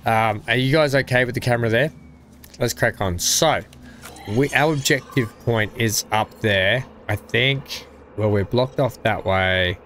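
A man's voice: mid-range voice, measured pace, fairly bright tone, a little hiss or hum. A man chatting casually on a live game stream, greeting viewers by name and poking fun at himself. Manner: chatty, self-deprecating, talks to chat by name. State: coughing, something in throat. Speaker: gaming streamer.

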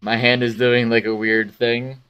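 A man's voice: mid-range voice, level tone, measured pace, fairly bright tone, smooth. A man chatting casually with viewers and his co-host during a game stream. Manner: casual, chatty, fillers and restarts.

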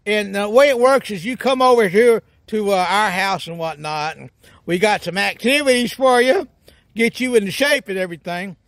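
A man's voice: high-pitched, moderate pace, fairly bright tone, no echo, studio quality. A man putting on a goofy rural hillbilly character for a comedy monologue, folksy and whooping. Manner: folksy drawl with hoots and cackles. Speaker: comedy sketch character host.

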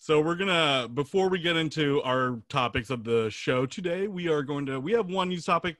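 A man's voice: a little high, a bit bright, no echo, clean studio sound. A man hosting a casual gaming podcast, chatty and rambling, laughing easily. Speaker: podcast host. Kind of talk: casual chat.

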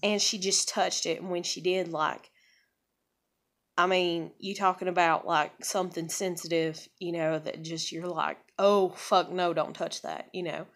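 Low-voiced woman rambling frankly. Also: flat delivery, a little slow, a bit bright. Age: adult with a child. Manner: rambling, frank and profane, with many fillers. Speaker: vlogger. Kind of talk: casual personal storytelling.

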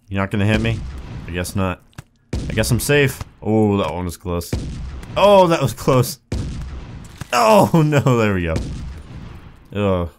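A young man with a fairly low voice talks through a video game in easygoing let's-play commentary. He jumps up into yelps at every crash, then drops back to wry, laid-back asides. A faint hiss sits under the voice. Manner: excitable, yelps and laughs at mishaps, wry jokes. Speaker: gaming YouTuber.

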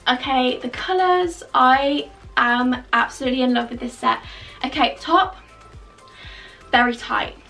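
A young woman with a raised, gravelly voice gushes about clothes in a chatty, filler-heavy way. She sounds a little out of breath and sits back from the microphone, with faint music playing behind her. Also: high voice, unhurried, pauses often, sharp tone. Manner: bubbly, gushing, chatty with many fillers. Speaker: fashion vlogger. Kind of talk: casual try-on haul chat. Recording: distant mic with faint background music.

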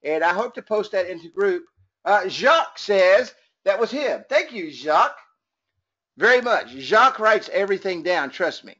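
A man's voice: high-pitched, expressive, normal speed, sharp tone, lo-fi sound. A man from Texas with a Texan accent running a motivational business training webinar, folksy and upbeat, joking and chatting with attendees.

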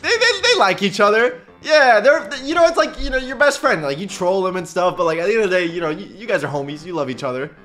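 A man giving casual reaction commentary on a cartoon, excitable and slangy, laughing often. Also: sits high, fast, few pauses, faint music behind.

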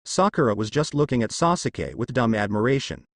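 A man narrating a fan story aloud in a steady storytelling manner, close to the mic. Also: medium pitch, fairly quick, no room sound.

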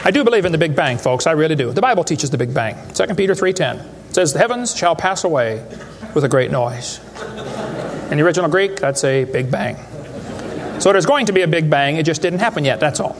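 Male lecturer, high-pitched and folksy, joking with a live crowd in a hall. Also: animated, fast. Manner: folksy, joking, rhetorical questions. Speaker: creationist speaker addressing a live audience. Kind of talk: humorous lecture to a live audience.

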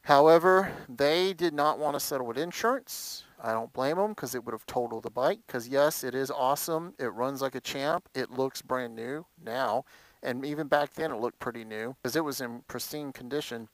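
A man's voice: medium pitch, normal speed, no room sound, rough recording. A man vlogging casually about his motorcycle, rambling with lots of fillers and telling his story with animation. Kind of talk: casual chat.

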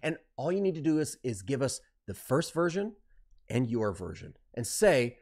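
A man teaching design on a live stream, talking fast and excitedly, driving points home with rhetorical questions. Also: medium pitch.

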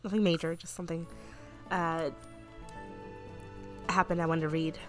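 A woman's voice: sits low, level tone, normal speed, soft background music. A woman hosting her gaming channel, chatting casually and gushing about her game character, with lots of "like" fillers. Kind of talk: casual gameplay commentary.

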